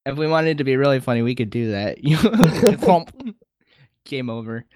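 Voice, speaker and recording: A man's voice: medium pitch, fast talker, clear, resonant tone, dry recording, studio quality. A man co-hosting a podcast, narrating an improvised fight in a laughing, rambling way. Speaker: podcast co-host. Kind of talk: comedic improvised storytelling.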